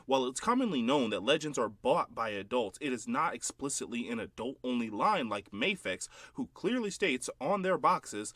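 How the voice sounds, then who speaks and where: A man hosting his own commentary video, calmly and pointedly debunking another creator's claims. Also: medium pitch, dry recording. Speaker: channel host and editor. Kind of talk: commentary rebuttal. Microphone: phone recording.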